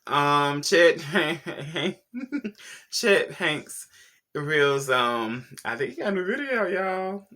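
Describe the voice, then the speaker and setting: A man's voice: on the high side, lively intonation, slow pace, bright, forceful tone. A man hosting a casual celebrity gossip vlog, sassy and slangy, talking straight to his viewers. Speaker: YouTube pop culture host.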